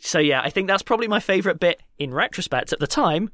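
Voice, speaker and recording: Animated, teasing man on a podcast. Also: high-pitched. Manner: animated, teasing, quick to laugh. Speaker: podcast co-host. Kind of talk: casual podcast Q&A chat.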